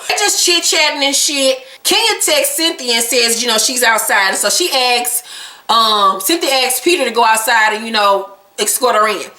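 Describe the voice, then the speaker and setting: A woman vlogger recapping a reality episode in casual, profane, animated storytelling. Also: sits high, reverberant. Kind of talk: casual chat.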